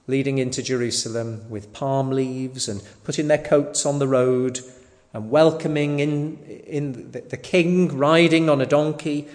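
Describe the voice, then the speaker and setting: A man preaching a sermon in a slow, deliberate way, sometimes asking the listeners rhetorical questions. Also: medium pitch, steady tone, a little mellow. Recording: long hall reverb.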